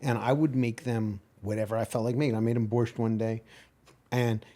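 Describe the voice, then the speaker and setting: Male co-host, mid pitch, brash and animated, swears for laughs. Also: normal speed. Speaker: podcast co-host, chef. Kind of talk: casual chat.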